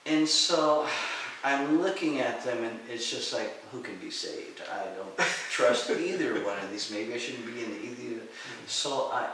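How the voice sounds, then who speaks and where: A middle-aged man telling lively stories in an interview, acting out the voices of people he quotes and laughing often. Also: mid-range voice, measured pace, few pauses. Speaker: interview guest, martial arts and healing teacher. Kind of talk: storytelling in a conversational interview. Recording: echoey room, far from the mic, faint hiss.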